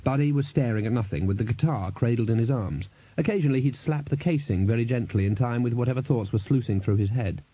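A man narrates a story in a steady, even read. His voice is mellow and husky, and the recording is close and dry. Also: medium pitch, fast talker, no room sound. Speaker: audiobook narrator. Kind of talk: scripted narration.

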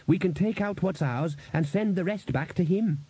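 Guy doing a young musician in a hurry, higher voice, a bit husky. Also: big pitch swings, very slow, warm tone, dry recording, full character voice. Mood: urgent. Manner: urgent.

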